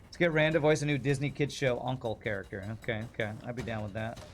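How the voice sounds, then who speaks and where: A man's voice: mid-range voice, fast talker, faint music behind. A man chatting casually as he streams a game, rambling and laughing often. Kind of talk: casual gameplay commentary.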